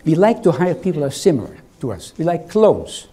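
Older man lecturing playfully, mellow voice. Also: fairly high pitch, sing-song, a little fast, breathy edge. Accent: foreign accent. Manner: playful, quizzes the audience. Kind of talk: interactive lecture. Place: lecture hall with a live audience.

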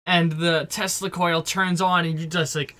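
A man's voice: a little high, little pitch movement, unhurried, bright, forceful tone. A man narrating as game master in a tabletop game, rambling with frequent fillers and restarts.

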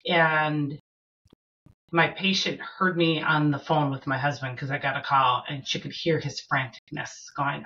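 A middle-aged woman from Minnesota telling a personal story as a podcast guest, earnest and halting with fillers and restarts. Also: low-pitched, fairly even intonation, pushed and bright, muffled recording.

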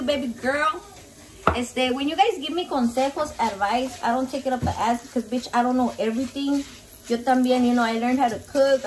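A high-voiced Mexican-American woman talks in a chatty, foul-mouthed, rambling way as she cooks. She sits a little back from the mic in a home kitchen, with a faint hiss behind her. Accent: Mexican-American, mixing in Spanish. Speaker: cooking vlogger. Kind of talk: casual cooking vlog chat. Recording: slightly distant mic, faint background noise.

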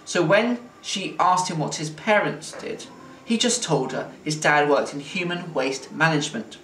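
A man reading a children's chapter book aloud in an expressive, playful way, like a teacher at story time. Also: fairly high pitch, a little slow. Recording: roomy, distant mic, faint hiss.

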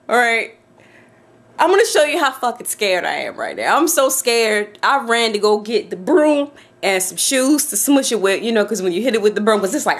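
Frightened woman shrieking and laughing. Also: fairly high pitch. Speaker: vlogger. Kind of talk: casual vlog to camera. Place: her home office.

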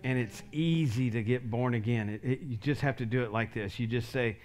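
Earnest pastor leading an altar call. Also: male voice, medium pitch, moderate pace, darkish tone. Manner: earnest, leads prayers line by line. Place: church sanctuary.

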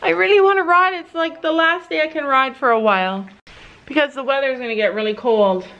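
A woman's voice: high-pitched, brisk, a bit bright, dull audio. A woman vlogging outdoors at a horse barn, chatting casually, laughing often and cooing in baby talk to the animals, recorded on a handheld camera. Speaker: mom vlogger. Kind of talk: casual vlog chat.

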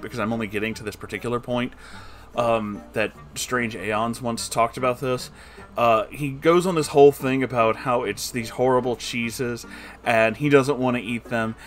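A man giving comedic, sarcastic commentary while reading a book aloud, exasperated and swearing freely. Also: mid-range voice.

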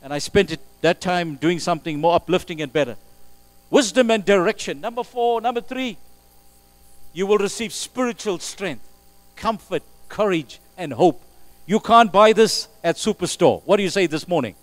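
A man preaching a sermon as pastor, emphatic, moving between loud exclamations and quiet asides. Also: sits high, animated, normal speed, no echo, rough recording. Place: church sanctuary. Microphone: live stream recording.

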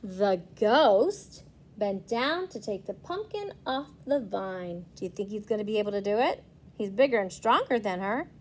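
A woman's voice: medium pitch, slightly rough. A woman reading a picture book aloud to young children as a preschool teacher, asking them questions as she goes. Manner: slow, lively storytelling, asking children questions.

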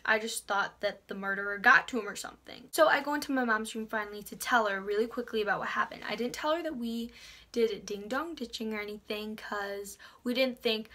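A teenage girl telling a story in a casual vlog, breathless and excitable, sometimes dropping to a whisper. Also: fairly high pitch. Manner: breathless storytelling, drops to whispers at tense moments. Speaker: vlogger.

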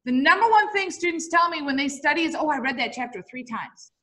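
Bright, high-voiced bouncy woman teacher. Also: fairly quick. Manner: lively, bouncy, quizzes the audience. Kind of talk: classroom lecture with storytelling. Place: classroom before students.

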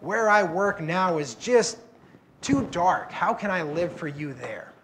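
A man's voice: high voice, animated, slow, a bit bright. A man preaching a sermon, telling the Bible stories in a conversational way and acting out the quoted lines. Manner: conversational, acts out quoted prayers and dialogue. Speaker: guest preacher. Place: church.

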